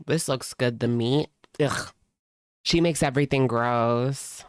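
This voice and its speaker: A woman's voice: extremely low pitch, takes it slowly, dry recording. A woman hosting casual reaction commentary, chatty and sarcastic, leaning on "like" as she talks close to the mic at home. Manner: sarcastic, chatty, heavy use of "like". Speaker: commentary host.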